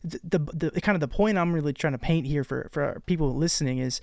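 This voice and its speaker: A man hosting a podcast, speaking casually in halting, rambling sentences full of restarts. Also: fairly high pitch, gravelly, a little mellow, no room sound, clean studio sound. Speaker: podcast host.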